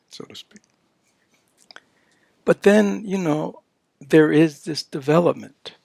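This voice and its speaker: Gravelly, slow-spoken older male dharma teacher. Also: a little high, a little mellow. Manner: conversational, peppered with "you know" and "right?"; voices playful baby-talk examples. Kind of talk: dharma talk at a retreat.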